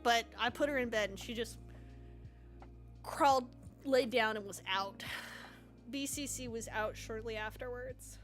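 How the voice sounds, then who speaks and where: Chatty high-voiced woman live-coding streamer. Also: unhurried, long pauses, faint music behind. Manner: animated storyteller, chatty, lively asides. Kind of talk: casual chat while coding.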